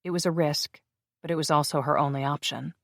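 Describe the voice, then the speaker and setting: Even, measured romance audiobook narration. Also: mid-range voice, gravelly, no room sound. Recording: dry close studio recording.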